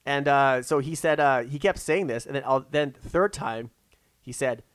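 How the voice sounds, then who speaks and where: A man's voice: mid-range voice, moderate pace, smooth, no room sound. A man co-hosting a casual chat, rambling with many fillers and restarts as he retells events.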